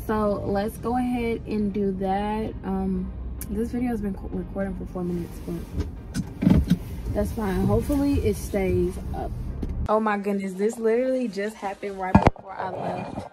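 A woman's voice: mid-range voice, moderate pace, over music. A woman in her twenties, an x-ray student, chatting casually to her viewers in a vlog, calling them "y'all.". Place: out and about, car, shops, home.

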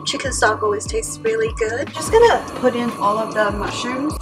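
An enthusiastic young woman talks casually through a grocery haul and cooking session in her kitchen. Her voice sits a little high, and she stacks up words for emphasis. Background music plays clearly under her talk. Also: moderate pace. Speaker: vlogger. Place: home kitchen. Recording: music playing behind.

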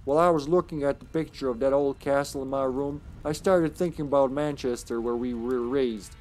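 A man reading a letter aloud as a sad young woman saying goodbye, in a put-on Southern American accent and a soft, wistful tone. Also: medium pitch, fairly even intonation, a little fast, soft background music, lightly acted.

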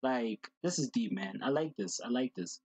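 A man hosting a reaction video, talking casually and excitedly, gushing and repeating slang fillers. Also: medium pitch, normal speed, slightly rough, dry recording, low-quality recording.

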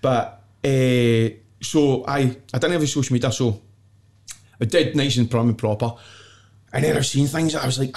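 Creaky and a little mellow, his medium-pitched voice moves at a normal speed with a Glaswegian accent. He's on a podcast as a guest, telling stories in a casual, blunt, self-mocking way, full of swearing and laughter.

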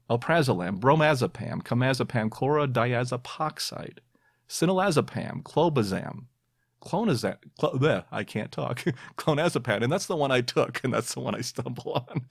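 A man's voice: medium pitch, gravelly, no echo, clean studio sound. Playful man hosting a quiz podcast. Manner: playful, self-mocking, quizzing listeners. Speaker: podcast host. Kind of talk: quiz-style podcast monologue.

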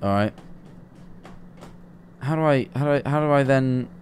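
Young male streamer, mid pitch, edgy running commentary full of swearing, faint hiss behind him. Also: normal speed, darkish tone. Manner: jumpy, nervous, swears often, talks to himself. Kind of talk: live gameplay commentary.

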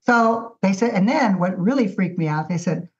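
A woman guest artist telling her story in a casual, animated interview. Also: mid-range voice, moderate pace. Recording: dull lo-fi audio.

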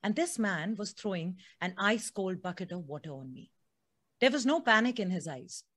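A woman's voice: medium pitch, lively intonation, normal speed, fairly bright tone. A woman podcast host, chatting with her guest then reading a book excerpt aloud.

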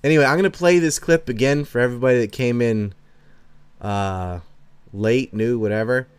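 A man's voice: medium pitch, moderate pace, clear, resonant tone, no echo. Brash, sarcastic male livestream host. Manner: brash, sarcastic, swears freely; chuckles between remarks. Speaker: livestream host reading chat. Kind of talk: casual livestream chat.

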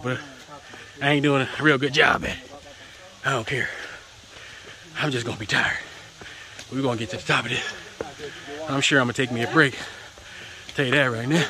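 A man's voice: medium pitch, normal speed, long pauses, bright, forceful tone. A man vlogging outdoors while climbing a mountain trail, out of breath and puffing, talking casually and joking. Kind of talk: casual vlog narration while hiking.

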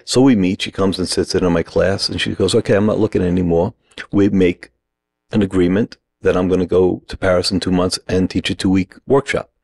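Low gravelly man telling a story. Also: little pitch movement, fairly quick, darkish tone. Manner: acts out the other people's lines in the story; short punchy sentences. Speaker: acting teacher, podcast guest. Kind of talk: animated storytelling.

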